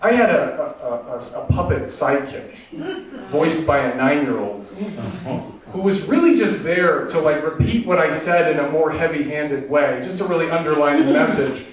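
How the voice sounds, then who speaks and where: Man, stand-up storyteller, self-deprecating, chatty, slightly high voice, echoey hall, distant, muffled sound. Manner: self-deprecating, chatty, with restarts and quick asides. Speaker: comedian performing a solo show. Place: theater stage before a laughing audience. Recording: distant, roomy, dull live recording.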